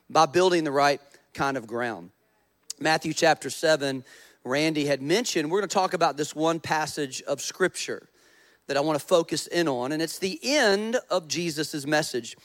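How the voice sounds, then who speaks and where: A male pastor delivers a conversational sermon, joking with the congregation, prompting the audience, and acting out quoted voices in his stories. His voice is fairly high and a bit bright, with lively intonation at a measured pace.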